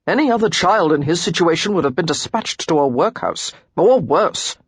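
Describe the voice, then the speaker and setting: Gruff brooding lord, low and halting, as a woman narrator puts him on, husky audiobook read. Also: expressive, no echo. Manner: low, quiet and halting, sometimes near a whisper. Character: brooding aristocratic man, gruff and remorseful.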